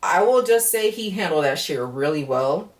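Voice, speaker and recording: A woman with a low voice runs through a reality show episode in a casual, candid recap. She is blunt and swears freely, and she acts out what the cast said. Her voice sounds a little distant from the mic. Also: expressive, normal speed. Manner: blunt, profane, chatty, acts out quotes.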